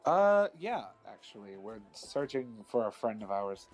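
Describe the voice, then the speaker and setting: A man's voice: fairly low pitch, big pitch swings, darkish tone, soft background music. Hesitant male tabletop player. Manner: hesitant, halting. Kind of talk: casual tabletop role-play.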